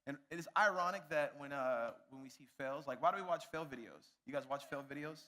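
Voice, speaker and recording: A man's voice: fairly high pitch, fast talker, pushed and bright. A young man, a youth pastor, telling a self-mocking story to a youth group and addressing them directly.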